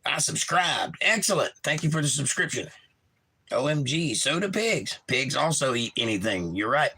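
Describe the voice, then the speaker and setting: A man hosting a live stream, chatting casually and reading viewer comments aloud, with an animated, jumpy delivery. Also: normal speed, slightly rough. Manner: reads chat messages aloud and answers them warmly; animated, pitch jumps when reading comments. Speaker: livestream host.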